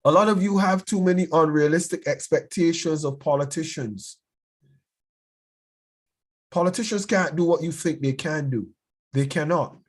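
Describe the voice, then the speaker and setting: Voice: medium pitch, normal speed, pauses often. A bishop teaching a youth class in an urgent, sermon-like way, repeating words as they press each point.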